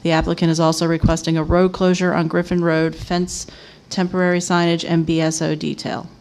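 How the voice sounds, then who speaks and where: Flat, steady woman chairing a meeting. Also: lowish voice, a little fast. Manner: steady, even reading of formal text. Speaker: city commission mayor chairing meeting. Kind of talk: reading agenda items and proclamation aloud. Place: city commission chamber.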